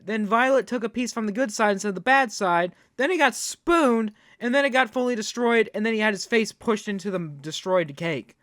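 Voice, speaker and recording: A host reacts to a video clip with indignant, profane rants. The voice sits at a middle pitch and is recorded dry and close, with no room sound around it. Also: animated, a little fast, hardly any pauses, fairly bright tone, dry recording.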